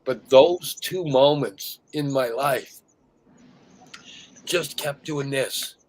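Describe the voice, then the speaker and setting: A middle-aged man with a husky, breathy edge to his voice, speaking candidly on a podcast. He recounts hard memories with feeling and sinks close to a whisper when the story turns heavy. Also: mid-range voice, extremely slow, pauses often, rough recording. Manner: emotional storytelling, drops to a near whisper at heavy moments. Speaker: podcast co-host. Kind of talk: candid conversation.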